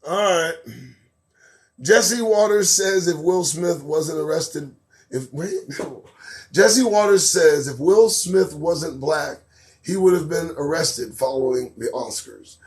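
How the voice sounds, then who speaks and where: A man hosts a live commentary show, riffing sarcastically on news items at a slow pace. He laughs a lot between remarks and swings between loud outbursts and low mutters.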